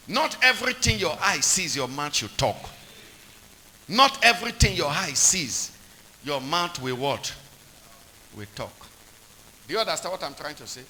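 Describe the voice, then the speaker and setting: A man's voice: a little high, sharp tone, poor audio. A man preaching a sermon, repeating points and quizzing the congregation with call-and-response questions.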